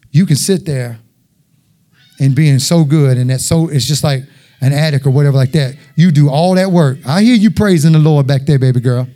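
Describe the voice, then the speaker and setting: Preacher guy, animated sermon in a church, higher voice, acts stuff out for the congregation. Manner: folksy, talks straight to the congregation.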